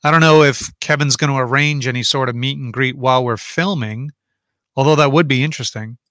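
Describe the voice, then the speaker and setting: A man's voice: medium pitch, a little fast, fairly bright tone, dry recording, clean studio sound. A man hosting a casual livestream from home, chatting and rambling as he reads out viewer comments and answers them.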